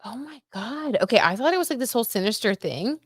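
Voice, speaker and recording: Her voice sits on the high side and is husky, animated and fast as she reads tarot on a casual livestream, reading comments aloud and leaning often on "like" and "I don't know." The audio is clean studio sound with no echo.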